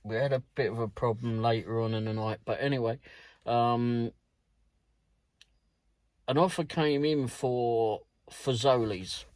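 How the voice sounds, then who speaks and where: A man's voice: mid-range voice, steady tone, measured pace, long pauses, a little mellow, dry recording. Rambling British man, swearing delivery driver. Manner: rambling, swears freely, chuckles. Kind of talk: casual storytelling vlog.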